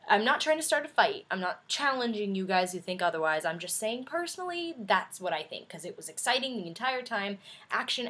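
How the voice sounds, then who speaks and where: A woman's voice: medium pitch, a bit bright, husky. A young adult woman chatting in a casual video review, effusive and rambling with many fillers. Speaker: vlogger.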